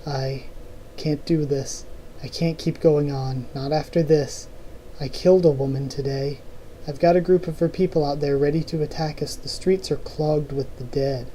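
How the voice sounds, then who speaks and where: A man's voice: a little high, steady tone, moderate pace, mellow, a little hiss or hum, natural voice, low-quality recording. A man reading as a worn-out grieving leader. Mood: despairing. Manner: read aloud plainly from a comic.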